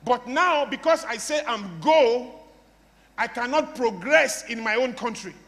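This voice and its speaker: A man's voice: very high voice, moderate pace, pushed and bright, long reverb tail. A man with a Nigerian English accent giving a playful motivational talk to a live audience, mimicking broken English for laughs. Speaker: motivational speaker.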